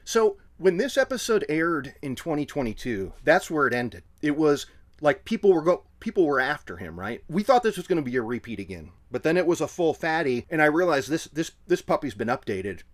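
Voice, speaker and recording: Male podcast co-host, slightly high voice, lively and expressive delivery. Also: fairly quick. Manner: animated, laughing, mimics quotes. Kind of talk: casual chat.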